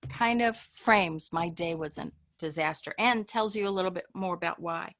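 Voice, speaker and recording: A woman's voice: medium pitch, animated, moderate pace, hardly any pauses, fairly bright tone. A woman teaching an online English class, talking in a chatty, informal way and often trailing off and restarting.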